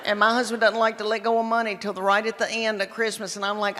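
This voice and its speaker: A Southern US woman in her fifties tells chatty, folksy stories with drawn-out asides during a stand-up comedy set. Her voice is medium-pitched, level and fairly bright, heard through long hall reverb with clear crowd noise.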